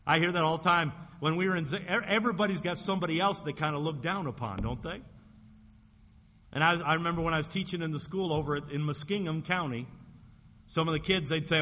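A male pastor preaching a folksy sermon in a church, slowing down and dropping low when he quotes scripture. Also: bright, forceful tone. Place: church sanctuary. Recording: long hall reverb, faint room noise.

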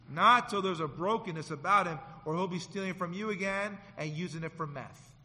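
A man preaching a sermon, swinging from loud to hushed and acting out the people in his stories. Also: sits high, a little fast. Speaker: pastor. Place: church sanctuary. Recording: long hall reverb.

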